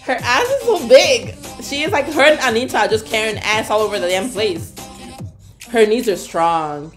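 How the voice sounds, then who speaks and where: Lively, excitable young woman reacting. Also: a little high, normal speed, soft background music. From Canada. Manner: excitable, exclamatory, laughs often. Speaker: reaction vlogger. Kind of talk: casual reaction commentary.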